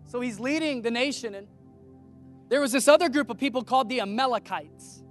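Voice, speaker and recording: A man's voice: very high voice, a little fast, faint music behind. A man preaching a casual, conversational sermon, telling stories with animation and acting out the voices he quotes.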